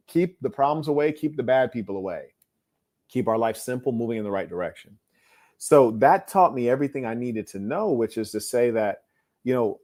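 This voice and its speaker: Man, blunt slangy monologue, mid-pitched voice, dismissive tone. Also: darkish tone. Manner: blunt, dismissive, slangy, often asks "you hear me?". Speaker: host. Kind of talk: casual monologue.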